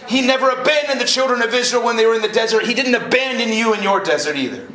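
A man preaching a lively, casual sermon to a college group, joking and then rising to emphatic peaks. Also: extremely high pitch, fast. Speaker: pastor. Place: college event hall. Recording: live room echo, faint noise.

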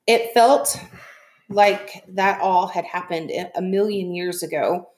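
A woman reading a novel aloud in soft, steady storytelling. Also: lowish voice, slow. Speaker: reader.

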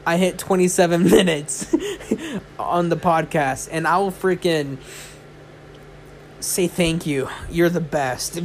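A man's voice: sits high, slight background noise. A tired young man hosting a casual solo podcast late at night. He talks in a rambling, chatty way with many fillers. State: tired, yawning. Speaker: podcast host. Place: indoors, lying in bed.

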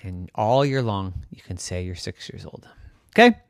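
A storyteller voicing an exasperated mother in a bedtime story, who swings between alarm and gentle coaxing. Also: low-pitched, very animated, moderate pace, dry recording, studio quality, voice pushed down. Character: exasperated mom.

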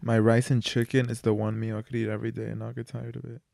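A teenage boy co-hosts a podcast in a relaxed, casual way. He wraps up episodes and chats about food. The sound is dry and close to the mic. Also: medium pitch, fast, vocal fry, no echo. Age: teens. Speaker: podcast co-host. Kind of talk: casual chat, podcast sign-off.

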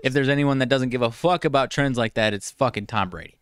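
A man co-hosting a casual sports betting chat, laid-back and quick to cite records and percentages. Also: medium pitch, background noise. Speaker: podcast co-host.

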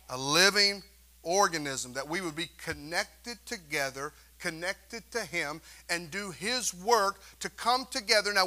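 A man's voice: high voice, bright, forceful tone. A male pastor preaching a sermon to his congregation, emphatic and calling for responses. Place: church sanctuary.

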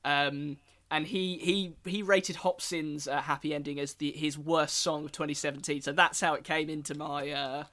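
A young man co-hosting a casual podcast, with a bright, forceful voice that sits a little high for a man. He talks haltingly, full of ums and restarts, with a wry tone. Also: fairly even intonation. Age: young adult. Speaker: podcast co-host.

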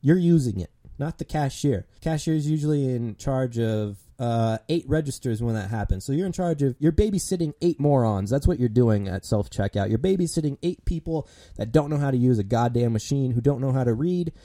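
A man's voice: medium pitch, animated, brisk, hardly any pauses, dark tone. A young man ranting casually about his job as a grocery cashier, swearing often and sounding exasperated. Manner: profane, exasperated, lots of fillers.

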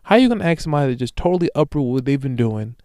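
Young man, solo podcast host, slangy and profane, rambling storyteller, smooth resonant voice, dry close sound. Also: mid-range voice, animated, very fast, a little mellow, no echo. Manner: slangy, profane, rambling storytelling with repeated "you know what I'm saying". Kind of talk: casual solo podcast monologue.

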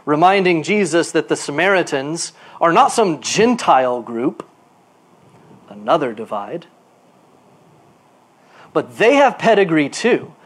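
A male pastor preaching a sermon. His delivery is animated, moving from quiet asides to emphatic bursts, and he repeats words while he looks for a phrase. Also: a little high, unhurried, long pauses, husky.

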